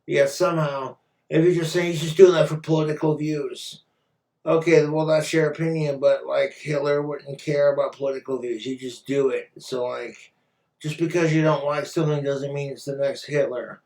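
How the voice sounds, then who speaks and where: A man rants into the camera, blunt and crude, swearing freely. His voice sits a little high for a man. It echoes around the room and sounds set back from the mic. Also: steady tone, normal speed, a little mellow. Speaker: vlogger. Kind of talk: profane casual rant. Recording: roomy echo, far from mic.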